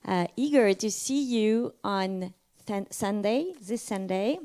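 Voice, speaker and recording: A woman's voice: medium pitch, animated, warm tone. A woman closing an event as moderator, hesitating with fillers. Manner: halting, many fillers. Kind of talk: closing announcements.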